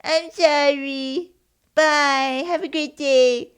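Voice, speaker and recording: A woman mimicking a falsely sweet dental receptionist, in a high, drawn-out, babyish whine. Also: fairly even intonation. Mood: mock-sorry.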